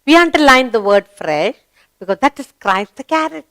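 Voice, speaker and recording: A woman teacher with an Indian English accent, taking young children through a grammar lesson with slow, sing-song prompts and questions. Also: high-pitched, expressive, a bit bright, no echo.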